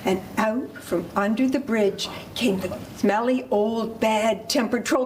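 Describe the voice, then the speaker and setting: A woman storyteller performing a folk tale for children, animated and inviting the audience to join in. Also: fairly high pitch, measured pace, a little hiss or hum. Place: library storytelling event.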